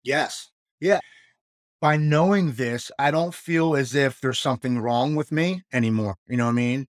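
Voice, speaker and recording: A man's voice: mid-range voice, normal speed, no room sound, studio quality. A man in his forties earnestly telling his own story of addiction and recovery in a casual talk. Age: 40s. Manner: earnest, emotional, matter-of-fact retelling.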